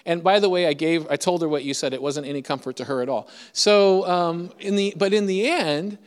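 A man's voice: on the high side, brisk, clear, resonant tone. A middle-aged man preaching in a chatty, self-deprecating, humorous storytelling style. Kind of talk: storytelling sermon. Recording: echoey hall reverb.

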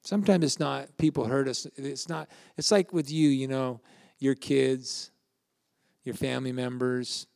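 A man's voice: medium pitch, steady tone, a little slow, gravelly, darkish tone, no room sound, studio quality. An older man, a pastor, giving a conversational sermon with family anecdotes and questions to the congregation.

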